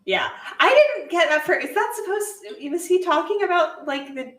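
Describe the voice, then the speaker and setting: A woman's voice: extremely high pitch, lively intonation, normal speed, fairly bright tone, reverberant, recorded from a distance. A woman co-hosting a podcast in casual chat, asking hesitant questions that trail off. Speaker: podcast co-host new to the series.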